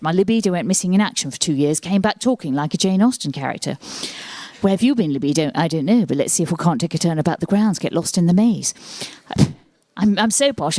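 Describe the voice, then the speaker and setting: A woman's voice: fairly low pitch, animated, fast talker, darkish tone, dry recording. A woman in her forties doing a self-deprecating stand-up set into a handheld mic, slipping into little acted asides. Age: 40s. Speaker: stand-up comedian. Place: library set up as a TV studio. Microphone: handheld microphone.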